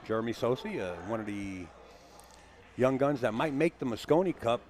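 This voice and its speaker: A man's voice: medium pitch, lively intonation, normal speed, darkish tone, a little hiss or hum. A man commentating live on a pool match from a booth, chatty and teasing, explaining the shots as they happen. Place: booth at a pool hall tournament.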